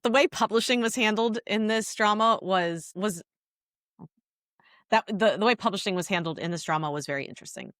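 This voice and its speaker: Excitable woman, dry close mic. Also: mid-range voice, a little fast, no echo. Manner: excitable, exclamatory, many restarts. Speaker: podcast co-host. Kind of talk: casual podcast chat about TV dramas.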